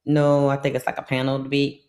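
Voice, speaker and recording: A woman's voice: very deep voice, completely flat delivery, a little fast, a little mellow. A woman hosting a casual livestream chat, laughing often and sounding a bit sleepy as she wraps up. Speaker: livestream host.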